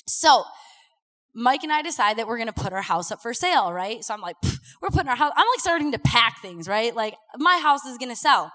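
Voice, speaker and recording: A young woman giving a casual sermon, chatty and animated, full of fillers and acted-out quotes. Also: fairly high pitch, brisk. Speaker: preacher. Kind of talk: casual sermon with personal stories. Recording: live talk with long hall reverb.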